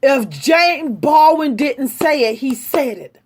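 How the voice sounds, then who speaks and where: Woman, angry vlog rant, high voice, slow deliberate delivery, talks straight at viewers. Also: expressive. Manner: angry, forceful, addresses the audience directly. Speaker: vlogger. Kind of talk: impassioned direct-to-camera rant.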